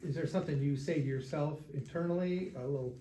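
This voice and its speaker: Quick-talking man asking from the audience. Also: on the high side, mellow. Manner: curious, asks questions from the audience. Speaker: class participant. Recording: echoey room from far off.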